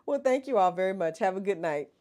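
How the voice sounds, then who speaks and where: A woman's voice: mid-range voice, darkish tone. A middle-aged woman, chatting casually with viewers as the host of a livestream. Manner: chatty, laughs often, talks to viewers as y'all.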